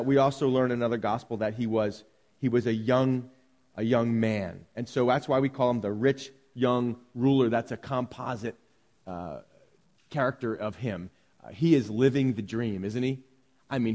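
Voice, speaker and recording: A man preaching a sermon, moving between lively storytelling and calm Bible teaching to a congregation. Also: medium pitch. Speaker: pastor. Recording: long hall reverb.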